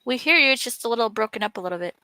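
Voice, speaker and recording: A woman hosting a casual group video call, upbeat and excited, talking over a call mic. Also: on the high side, racing, clear, resonant tone, no room sound. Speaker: host.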